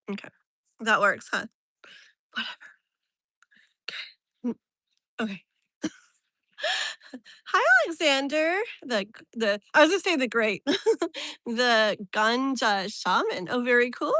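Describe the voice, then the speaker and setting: A woman's voice: fairly high pitch, bright, forceful tone, no room sound. A young woman hosting a casual live stream outdoors, chatty and exasperated, laughing often. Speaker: tarot reader live-stream host. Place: outdoors near a tree.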